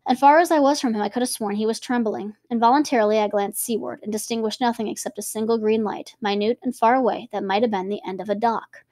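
A young woman reading a novel aloud and breaking off now and then for chatty, lively comments about it. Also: fairly high pitch, fast talker, few pauses, dry recording, studio quality. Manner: lively, switching between reading and chatty asides. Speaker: reader and teacher.

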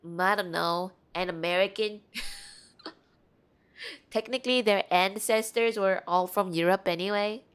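A woman's voice: medium pitch, unhurried, long pauses, smooth. Playful young woman streamer. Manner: playful, giggly, reads game dialogue aloud. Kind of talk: casual gameplay commentary.

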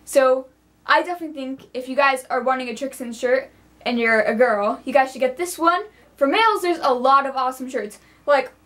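A woman's voice: sits high, a bit bright. A young woman chatting casually to her viewers in a product review vlog, bubbly and talking straight to the camera. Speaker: vlogger.

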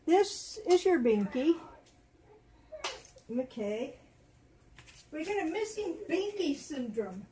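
A woman hosting a casual vlog at home, talking to viewers and cooing softly to her dolls. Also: sits high, big pitch swings, slow pace, long pauses, slight background noise. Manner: doting, soft baby talk to her dolls. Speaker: doll channel host.

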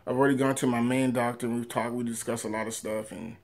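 A vlogger tells his personal story straight to camera in an ordinary, medium-pitched voice that's fast and creaky. He rambles, full of fillers and restarts, getting loud and animated at the big moments before trailing off quietly.

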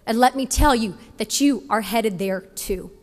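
A woman's voice: on the high side, measured pace, darkish tone. A young woman from Texas giving a passionate, emphatic commencement speech at a podium in a large venue. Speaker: commencement speaker. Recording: long hall reverb.

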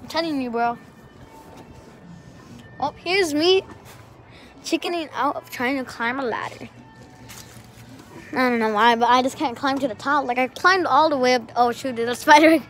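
A woman chatting casually in a vlog, excitable and talkative, speaking to her dog in a backyard by a shed. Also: high-pitched, normal speed, pauses often, soft background music. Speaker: vlogger.

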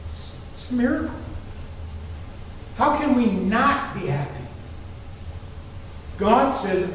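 An older man preaching a sermon as pastor, joking and animated. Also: very high voice, slow, long pauses, a little hiss or hum. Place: church sanctuary. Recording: echoey church hall from far off.

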